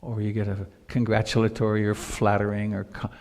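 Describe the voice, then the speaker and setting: Gravelly older man giving a dharma talk. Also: lowish voice, monotone, brisk, a little mellow. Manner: reflective, personal storytelling. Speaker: meditation teacher. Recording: long hall reverb, live stream.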